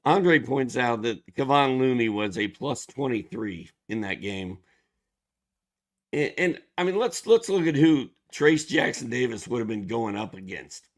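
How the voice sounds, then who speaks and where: A man's voice: mid-range voice, animated, unhurried. A man co-hosting a fantasy basketball show, giving laid-back, matter-of-fact analysis in casual chat.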